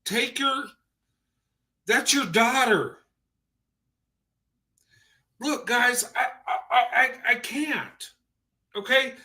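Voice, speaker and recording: A man with a very high, bright voice reacts to a clip in commentary. He talks slowly and sounds incredulous and mocking, stopping now and then to laugh or imitate. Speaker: commentary channel host.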